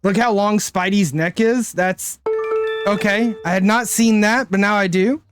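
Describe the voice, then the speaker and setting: A man's voice: high-pitched, steady tone, unhurried, music in the background. A man streaming a card game live, thinking aloud in casual commentary and often tagging his lines with "right?".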